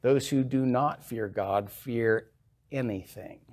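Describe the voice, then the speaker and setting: A man's voice: medium pitch, slow, a little mellow. A man preaching a sermon as pastor in a church, reading scripture aloud with emphatic rises and then explaining it in a plain, conversational way.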